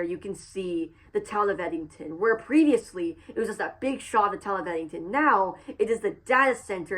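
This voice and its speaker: A woman's voice: medium pitch, low-quality recording. Thoughtful woman reviewing a film. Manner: thoughtful, with frequent restarts and fillers. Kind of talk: casual film analysis.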